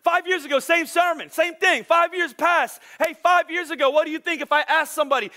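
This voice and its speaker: Speaking very high and briskly with hardly a pause, a male pastor delivers a sermon in a sharp tone. He keeps it relaxed and humorous, performing what his listeners might say in a conversational style.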